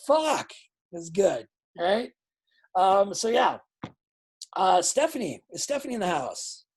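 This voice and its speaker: A woman coaching pro wrestling students in a live online class. She is blunt and excitable, swears freely, and talks over a video call. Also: mid-range voice, slow pace, breathy edge.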